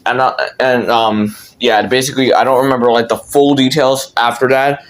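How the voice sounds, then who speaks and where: A man's voice: medium pitch, flat delivery, moderate pace. A young man telling a childhood story in casual, rambling storytelling, with lots of fillers and swearing.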